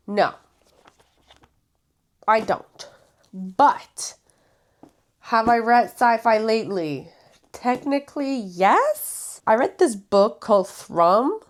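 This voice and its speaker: A woman's voice: medium pitch, expressive, slow pace. Casual book vlogger: woman, playful, chatty, swears offhand, talks to camera.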